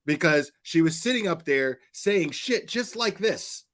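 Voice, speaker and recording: Fired-up guy ranting on a reaction stream, kinda high voice, swears a ton, stammers when mad. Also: lively intonation, a little slow, a bit bright. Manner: heated, profane, stammering when worked up. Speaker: commentary streamer. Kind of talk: angry reaction commentary.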